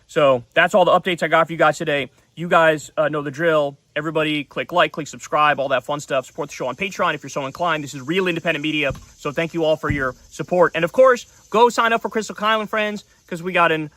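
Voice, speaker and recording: A man in his thirties delivers heated political commentary, swearing freely and hammering points through repetition. His voice sits high for a man with a bright, forceful edge. The sound is dry and close, with no room around it. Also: fast, hardly any pauses, dry recording. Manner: heated, profane, repetitive emphasis. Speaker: political commentary show host.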